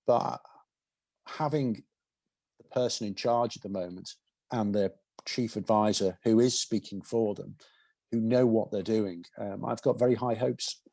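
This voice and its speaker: English man in his fifties as the guest speaker, low voice, dry sound, thoughtful with halting restarts. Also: vocal fry, mellow, no room sound. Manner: thoughtful, halting restarts, plain-spoken analogies. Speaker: invited guest, cycling commissioner. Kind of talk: conversational Q&A answers. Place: college event hall.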